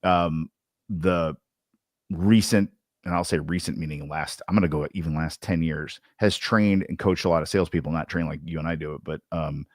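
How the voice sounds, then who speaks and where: A man's voice: a bass voice, normal speed, no echo, studio quality. A man co-hosting a sales podcast, chatting casually with a Southern Indiana accent, full of slang and restarts. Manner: loose, animated, with slang and many restarts. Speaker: podcast co-host.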